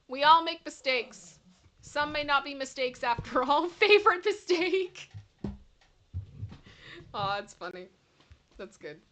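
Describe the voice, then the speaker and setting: A woman with a Canadian accent, high-pitched and sharp in tone, hosts a livestream where she chats casually, giggles, and reads viewers' comments out loud.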